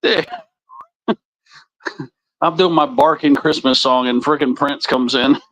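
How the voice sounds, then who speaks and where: A man's voice: medium pitch, fairly even intonation, takes it slowly, fairly bright tone, dry recording, low-quality recording. A man hosting a live stream, chatting casually and crudely to his viewers in a rambling way. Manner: rambling, crude, talks straight to the chat.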